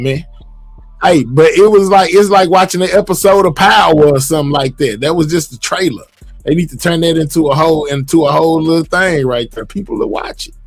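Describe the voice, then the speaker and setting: A man's voice: on the high side, no room sound. A man hosting a livestream in casual, laid-back talk full of slang. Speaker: livestream host. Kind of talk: casual chat.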